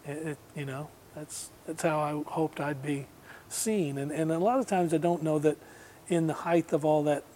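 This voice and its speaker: Chatty man telling a story, fairly high voice. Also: normal speed, few pauses, slight background noise. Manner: relaxed, rambling, laughs often, mimics voices in anecdotes. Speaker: guest musician. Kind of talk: casual storytelling.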